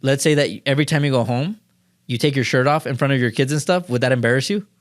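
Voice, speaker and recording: Fast-talking man, slangy podcast guest. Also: mid-range voice, no echo, clean studio sound. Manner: rambling and slangy, full of "like" and "dude"; animated storytelling. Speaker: podcast guest, marketing and sales speaker. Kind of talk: casual podcast conversation.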